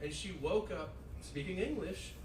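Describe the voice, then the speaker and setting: Brief: brash man doing stand-up, high animated voice, echoey stage sound taken from afar. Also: normal speed, recorded from a distance, background noise. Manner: brash, mock-outraged, swears freely. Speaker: stand-up comedian. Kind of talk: stand-up comedy set. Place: stage before a live audience.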